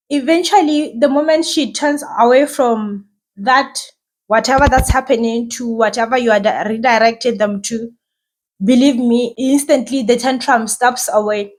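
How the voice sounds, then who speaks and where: A woman's voice: on the high side, normal speed. A woman who hosts a podcast and talks as a mother, giving casual, reassuring advice and often asking "right?".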